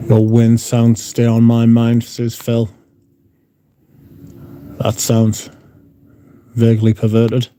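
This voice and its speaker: Male livestream host, mellow low-toned voice, casual and foul-mouthed. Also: completely flat delivery, slow pace, pauses often, a little hiss or hum. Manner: sweary, blunt. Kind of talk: casual chat reading out viewer comments. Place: room at home.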